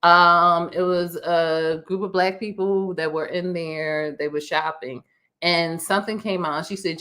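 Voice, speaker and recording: A podcast co-host tells stories in a casual chat, rambling and animated, with many fillers and restarts. She has a lowish voice and a measured pace.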